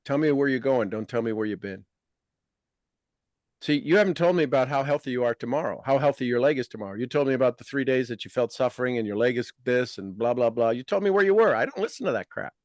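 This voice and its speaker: A man hosting a casual podcast conversation as a life coach, talking in an emphatic, blunt and animated way. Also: mid-range voice, fast talker, no echo, studio quality.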